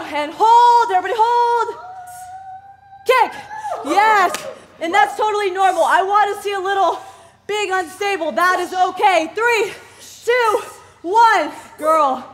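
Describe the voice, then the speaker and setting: A woman fitness instructor leading a workout class, energetic and encouraging, calling out counts and moves. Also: extremely high pitch.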